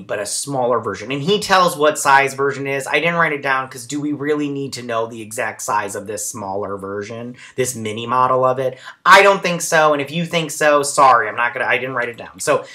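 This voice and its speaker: A man's voice: mid-range voice, bright, forceful tone. A man hosting a casual episode recap and review, chatty and rambling with lots of fillers. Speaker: show recap host.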